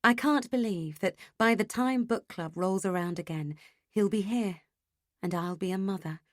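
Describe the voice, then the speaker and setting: A woman's voice: medium pitch, normal speed, no room sound. Woman narrating an audiobook, dry close sound. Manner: expressive, emotionally engaged reading. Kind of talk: first-person audiobook narration.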